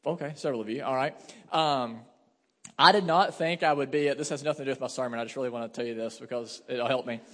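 A man in his thirties preaching a sermon as pastor, telling family stories with lively asides and fillers. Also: mid-range voice, fast. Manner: animated storytelling with asides and fillers. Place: church sanctuary. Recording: hall reverb.

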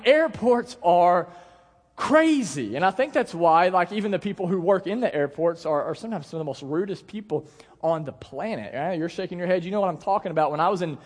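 A young man preaching a sermon to his congregation in a conversational, animated way, asking the crowd questions and telling stories. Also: sits high. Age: young adult. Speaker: pastor. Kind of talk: sermon with storytelling. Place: church hall. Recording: long hall reverb.

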